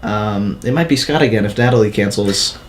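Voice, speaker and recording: A man's voice: on the low side, fairly quick, slight background noise. A man hosting a casual podcast chat, laid-back, dry and teasing. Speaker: podcast host.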